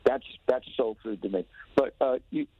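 A man's voice: mid-range voice, normal speed, husky, dry recording. A man from Tennessee with a Southern accent, calling in to a radio interview and talking in a rambling, enthusiastic way full of restarts. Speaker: touring musician guest calling in. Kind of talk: casual phone interview. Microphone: telephone. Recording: tinny phone line, dry.

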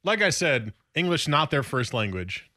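A man's voice: fairly high pitch, very animated, moderate pace, bright, forceful tone, slight background noise. A man co-hosting a radio show, chatting casually and reading a clumsy story aloud with dry amusement.

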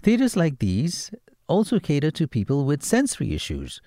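A man's voice: on the high side, wildly swooping pitch, normal speed, warm tone, no echo, studio quality. A man presenting film picks on the radio, playful and given to jokey asides. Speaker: radio movie reviewer. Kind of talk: radio film recommendations segment.

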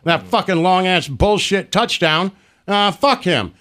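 Profane, animated male storyteller. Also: sits high, unhurried. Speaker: podcast host. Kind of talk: casual storytelling chat.

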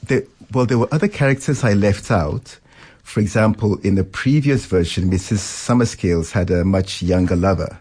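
A male novelist with a low, husky voice, interviewed on the radio. He answers in a reflective and measured way. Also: a little mellow. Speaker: novelist guest.

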